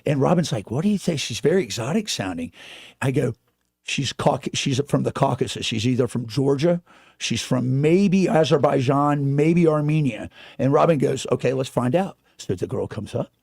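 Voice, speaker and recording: A man co-hosting talk radio, chatty and animated as he tells a story. His voice is raspy with a gravelly edge and swings up and down a lot, recorded dry and close in a studio. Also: mid-range voice, normal speed, dry recording. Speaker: radio co-host. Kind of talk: casual talk radio banter.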